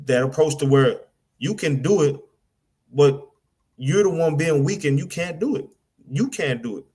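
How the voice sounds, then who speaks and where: A man's voice: on the high side, animated, moderate pace, a little mellow, slightly rough. A man preaching bluntly in a casual rant, often repeating and stumbling over words. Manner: blunt, repetitive, slangy, mimics people in asides. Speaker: street preacher.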